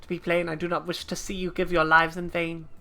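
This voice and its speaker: A woman reading the lines of a grizzled veteran mercenary captain in a stern, measured way. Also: fairly low pitch, little pitch movement, sharp tone.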